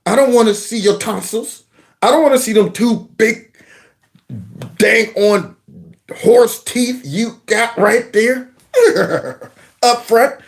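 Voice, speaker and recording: A man's voice: very high voice, slow, pauses often. A man hosting his own commentary channel, mocking a clip with sarcasm and mimicry. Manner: sarcastic, mimics voices, breaks into song.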